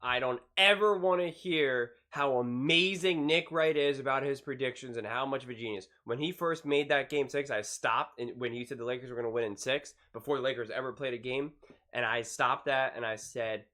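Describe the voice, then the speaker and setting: A man's voice: mid-range voice, moderate pace, pushed and bright. A man delivers online sports reaction commentary in an ordinary mid-range voice. He rants with exasperation, piling up rhetorical questions. His delivery is blunt and heated. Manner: ranting, exasperated.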